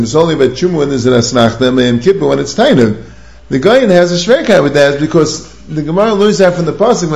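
A man delivers a Talmudic study lecture in a somewhat high, gravelly voice, reasoning aloud through sources and posing questions as he goes. The recording carries a roomy echo. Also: darkish tone. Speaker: rabbinic lecturer.

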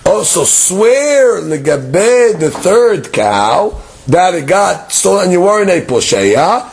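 A man teaching a Talmud class, moving between quick Hebrew text reading and explanation while acting out the claims in a case. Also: sits high, gravelly, slight background noise. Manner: lively, leaps between English and Hebrew text reading, acts out case dialogues.

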